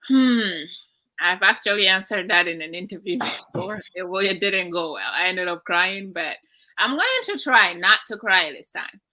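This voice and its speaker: A woman's voice: medium pitch, lively intonation, moderate pace, rough recording. A young woman from Nigeria in her twenties, a guest speaking earnestly and prayerfully about her own story over a remote call. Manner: earnest, prayerful, soft-spoken with brief laughs. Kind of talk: emotional personal testimony.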